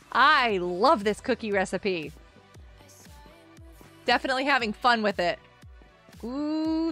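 A woman streaming a game, chatting with viewers in an excitable way, often gasping and exclaiming. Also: sits high. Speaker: gaming streamer. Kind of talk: live gameplay commentary chatting with viewers.

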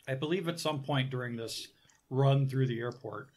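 A man's voice: medium pitch, moderate pace, darkish tone. A man co-hosting a podcast who makes dry, sarcastic remarks in casual banter. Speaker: podcast co-host.

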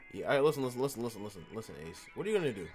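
A man hosting a casual let's-play, joking, swearing and talking back at the characters on screen. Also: medium pitch. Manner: animated, joking, profane, talks to the game characters. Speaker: gaming channel host.

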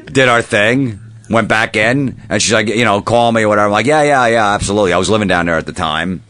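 A man, a comedian guest on a radio show, telling a wry story quickly. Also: fairly low pitch, a bit bright. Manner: rapid, wry anecdote telling. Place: radio studio.

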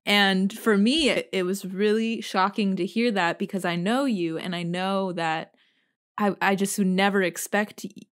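A woman's voice: medium pitch, steady tone, a little slow. A woman hosting a podcast interview, attentive, with short affirmations and follow-up questions. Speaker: podcast host. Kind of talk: casual interview chat.

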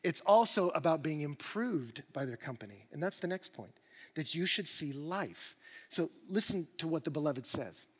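A male pastor preaching a sermon in an animated, emphatic way, with rising bursts of energy. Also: on the high side, moderate pace, slightly rough, big-room sound. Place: church auditorium.

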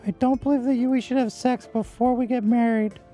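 A man putting on a high, mellow voice as a young Australian contestant on a dating show, with a wobbly, unconvincing accent. She speaks with solemn, overdone sincerity and keeps stumbling and restarting. Soft music plays underneath. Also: steady tone, fairly quick. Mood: mock-sincere. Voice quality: shaky put-on Australian accent. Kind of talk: comic improvised role-play.

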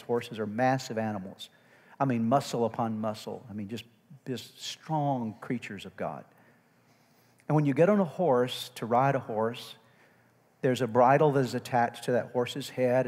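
A male pastor preaching a sermon. He engages the congregation with call-and-response checks and swings from loud, emphatic preaching to quiet asides. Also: mid-range voice. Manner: call-and-response, frequent "amen?" and "okay?" checks. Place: church sanctuary. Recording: long reverb of a large church hall.

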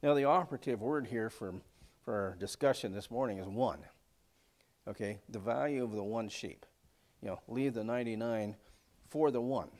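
A man's voice: medium pitch, normal speed, a little mellow. A man leading a casual church Bible class in a folksy, rambling way, with many fillers and asides. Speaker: Bible study teacher.

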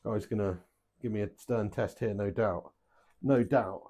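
Speaking a little slowly in a lowish voice, a man talks with viewers while playing darts on a live stream, cursing often and erupting excitedly over his throws.

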